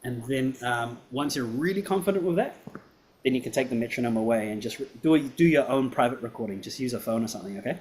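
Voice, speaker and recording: A male piano teacher with an even, mid-range voice, giving patient feedback after a student's performance. He talks in a friendly, encouraging way and keeps checking that the student follows him. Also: mid-range voice, fast talker, slight background noise. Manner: encouraging, checks understanding with "right?" and "yeah?".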